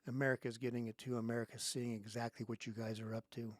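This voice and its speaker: Man, angry host monologue, sarcastic, mid-pitched, dry close sound. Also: flat delivery, fast, hardly any pauses, no room sound. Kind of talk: political commentary monologue.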